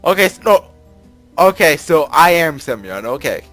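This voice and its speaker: A young man with a slightly high voice reads a visual novel aloud and riffs on it as he goes. He rambles, stumbles over his words and fills gaps with "like" and "you know". Faint game music plays behind him. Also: big pitch swings, moderate pace, a bit bright. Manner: rambling, frequent laughs and filler words. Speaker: let's play narrator.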